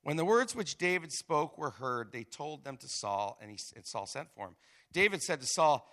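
A man preaching a sermon, reading scripture aloud with dramatic emphasis and animated asides. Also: on the high side, moderate pace. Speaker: pastor.

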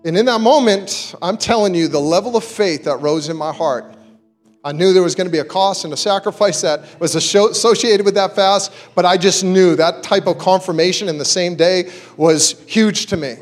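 A man with a fairly high voice tells a personal faith story to a congregation. He moves between narration and lively acted-out quotes. Soft music plays faintly underneath. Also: normal speed. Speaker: church speaker giving a testimony. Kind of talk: storytelling sermon.

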